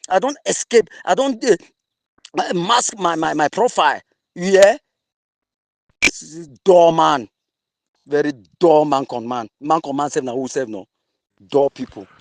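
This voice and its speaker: A man's voice: high voice, dry recording. A man with a Cameroonian English accent mixing in Pidgin, angrily insulting an opponent in an online audio debate. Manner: angry, insulting, mocking.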